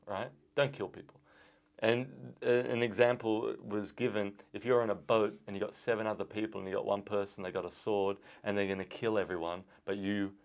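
A man hosting a casual podcast chat, rambling with halting restarts. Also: lowish voice. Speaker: podcast host.

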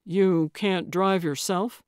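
Brief: dry, amused policeman, read by a woman narrator, unhurried. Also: on the low side, steady tone, no echo. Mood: wry. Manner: dry, mildly skeptical. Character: patient, amused male police officer.

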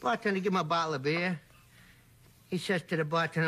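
A man's voice: on the high side, quick pace, pushed and bright. An older man, a comedian guest on a talk show, telling a joke with mock broken speech. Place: TV studio with live audience.

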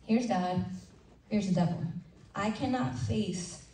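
A woman's voice: mid-range voice, takes it slowly. Woman preaching in a roomy hall. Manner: conversational, animated preaching with acted-out asides. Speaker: women's ministry leader. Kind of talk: sermon at a women's breakfast. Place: church event room. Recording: roomy hall sound from a distant mic with faint noise.

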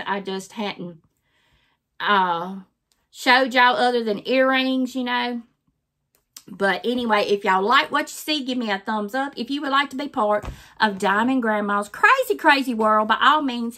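An older woman from Mississippi talks with a broad Southern accent in a fairly high voice. She rambles on in a folksy, homespun way, chatting casually to her viewers like a grandma at the kitchen table. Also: sharp tone. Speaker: crafting channel host. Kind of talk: casual vlog chat to viewers.

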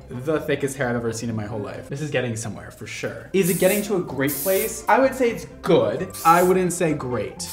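A man who works as a hairstylist, chatting casually and joking at his own expense while he works. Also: fairly high pitch. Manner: chatty, self-mocking, exclaiming. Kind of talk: casual vlog chat. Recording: roomy echo, faint music.

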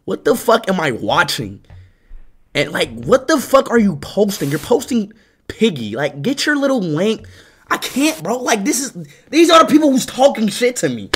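A man's voice: high-pitched, sing-song, normal speed, a bit bright, slight background noise. A young man livestreaming, ranting at his chat with constant swearing and repeated "bro".

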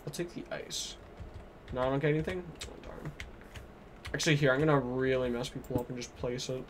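A man streaming a game live, chatting excitably, muttering to himself and to his chat. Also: mid-range voice, a little fast, a little hiss or hum. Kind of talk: live gameplay commentary.

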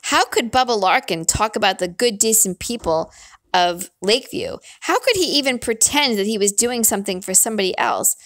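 A woman's voice: medium pitch, animated, moderate pace, a bit bright, no room sound. A woman reading a novel aloud, telling the story expressively in first person. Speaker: narrator.

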